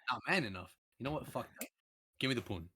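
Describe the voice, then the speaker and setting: A man's voice: medium pitch, sing-song, fast talker, a crowd in the background. A man playing a tabletop game, stammering and joking in character. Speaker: player. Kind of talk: casual tabletop play.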